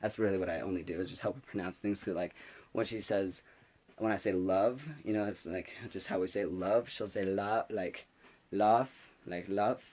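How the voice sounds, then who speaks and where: Young man, slightly low voice, casual storytelling vlog, rambling, filler-heavy, restarts a lot. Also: fairly even intonation, fairly quick, darkish tone. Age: young adult. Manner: drops to a whisper for quoted asides. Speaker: vlogger.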